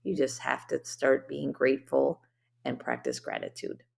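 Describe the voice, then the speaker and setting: Very deep and darkish, with vocal fry and wildly swooping pitch, this woman's voice moves at a normal speed as she hosts a solo motivational podcast. She's earnest, heartfelt and chatty with many fillers, becoming briefly emotional.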